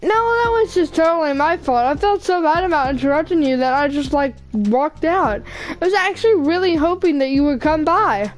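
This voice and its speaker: A woman's voice: sits high, animated, moderate pace, soft background music, pitched above the performer's own voice, low-quality recording. A woman reading a visual novel aloud, voicing a cheerful, friendly teenage girl with an upbeat, encouraging manner.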